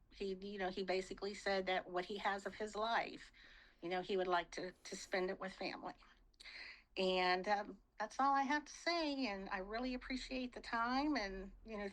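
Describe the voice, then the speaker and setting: A woman's voice: mid-range voice, steady tone, moderate pace, fairly bright tone, rough recording. A woman asking for her father's parole, talking hesitantly with many fillers. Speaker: daughter speaking at a hearing. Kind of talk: plea at a hearing.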